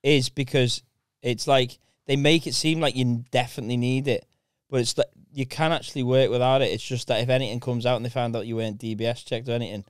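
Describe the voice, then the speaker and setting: Man, fast and sweary, clear voice, dry close recording. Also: mid-range voice, fairly even intonation, no echo. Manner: fast, rough-tongued chatter. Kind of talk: casual podcast chat.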